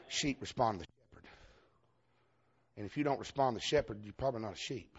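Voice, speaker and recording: A man's voice: medium pitch, fast talker, long pauses, slightly rough, dull audio. A man with a Southern US accent preaching a fervent revival sermon in a church, repeating himself and calling out to the congregation. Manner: fervent, repetitive, calls out to the congregation.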